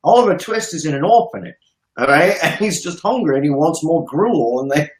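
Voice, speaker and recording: A man's voice: on the high side, expressive, a little fast. A man speaking as a guest on a video call, explaining emphatically, repeating words and checking in with "okay?". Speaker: guest economist. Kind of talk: animated explanatory talk. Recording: echoey room.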